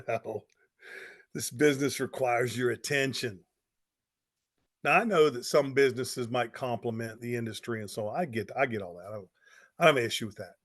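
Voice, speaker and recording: A man, a pastor, giving a motivational talk with energetic storytelling and repeated phrases for emphasis. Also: mid-range voice, brisk. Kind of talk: motivational talk to network marketers.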